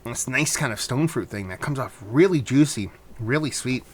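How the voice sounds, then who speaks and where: A man rambling through a beer review in a loose, offhand way, at an ordinary mid pitch. He swears freely and wanders into asides as he talks. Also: animated, normal speed, a little hiss or hum. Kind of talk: casual beer review vlog.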